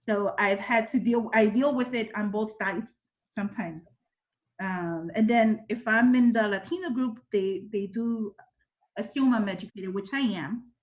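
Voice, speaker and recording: A woman's voice: mid-range voice, unhurried, dull audio. A woman from Mexico, sharing her experience in a workshop in a thoughtful way and quoting other people's remarks. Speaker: workshop participant. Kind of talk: casual sharing.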